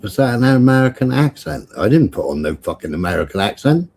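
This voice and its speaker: A man's voice: medium pitch, big pitch swings, fairly quick, a little mellow, a little hiss or hum. A man hosting a casual livestream, blunt and sweary with teasing banter. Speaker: livestream host.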